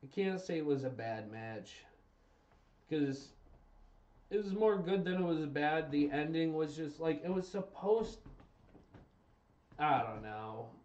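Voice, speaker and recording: A young adult man on a stream rants casually, hammering his points and repeating himself to vent his exasperation. His voice is slightly high, expressive, and darkish, with a slow delivery and long pauses. He sits far from the mic, and the lo-fi stream audio sounds roomy and dull.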